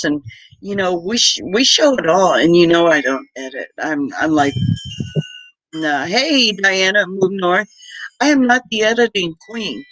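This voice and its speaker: A woman's voice: on the low side, fairly bright tone, dry recording, poor audio. A woman, chatting casually and heartfeltly on a livestream as a homesteading channel host, greeting viewers by name. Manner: chatty, heartfelt, reads viewer comments aloud.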